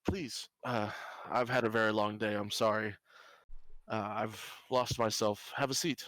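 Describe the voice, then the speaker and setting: A man voicing an awkward, nerdy wealthy man who talks in halting, fumbling phrases. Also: lowish voice, steady tone, a bit bright, dry recording, rough recording. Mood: apologetic.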